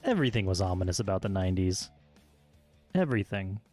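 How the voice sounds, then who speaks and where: A man's voice: sits low, very animated, fast, a little mellow, no echo, faint music behind. A man in his thirties co-hosting a podcast, reading a dramatic story aloud with sarcastic asides. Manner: jokey, reads dramatic text with sarcastic asides. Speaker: podcast co-host. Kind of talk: casual chat and storytelling.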